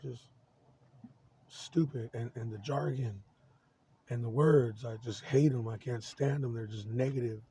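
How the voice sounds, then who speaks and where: A man in his forties rambles through a personal monologue in a mellow, unbright voice. He swears nearly every line and trips over his own restarts, sounding worked up, with a faint hiss of noise behind him. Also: mid-range voice, low-quality recording. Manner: profane, agitated, halting with many restarts.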